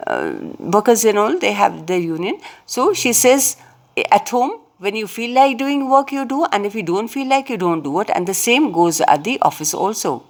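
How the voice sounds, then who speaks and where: A teacher talks through a play for her class. She goes slowly and patiently, repeating each line and putting it into plainer words. Her voice sits at an ordinary middle pitch for a woman. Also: big pitch swings. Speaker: English teacher.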